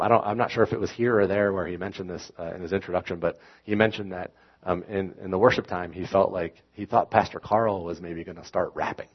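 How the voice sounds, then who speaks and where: A man's voice: deep voice, breathy edge, lo-fi sound. A man preaching a sermon in a conversational, self-correcting way, rising into emphatic scripture reading. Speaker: pastor.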